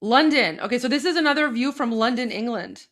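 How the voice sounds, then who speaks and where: A woman hosting a casual commentary show, reacting to clips with excited exclamations and talking straight to her viewers. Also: on the high side, fairly quick. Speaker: political commentary host.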